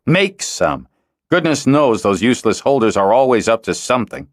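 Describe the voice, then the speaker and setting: A man reads an audiobook, voicing a harsh, domineering male weir leader who barks scathing, venomous orders and shouts. His voice is medium-pitched with big pitch swings, at normal speed, in a clean studio recording with no echo. The voice sounds natural but is pitched above the performer's own.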